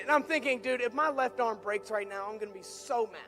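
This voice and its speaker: Young guy preaching w a story, super high voice, gets loud n hyped, faint music behind. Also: fairly quick, few pauses. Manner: animated storyteller, builds to shouts. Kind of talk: storytelling sermon.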